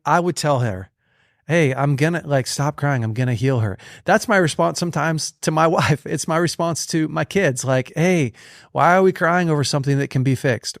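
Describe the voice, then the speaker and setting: A man's voice: medium pitch, no echo, studio quality. A man telling a faith story in a casual, earnest conversation, often restarting his phrases.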